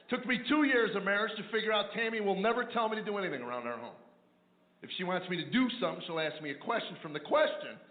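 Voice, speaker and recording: A comedian's stand-up set centers on dry, sarcastic married-life anecdotes, delivered in a voice that sits high. The recording is roomy, with a thin, phone-like quality and background noise.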